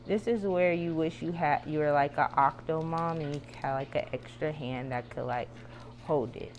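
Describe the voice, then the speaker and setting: A woman's voice: deep voice, moderate pace, slight background noise. Chatty woman hosting a home cooking show. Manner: chatty, talks to viewers while frying and tasting. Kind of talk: casual cooking vlog.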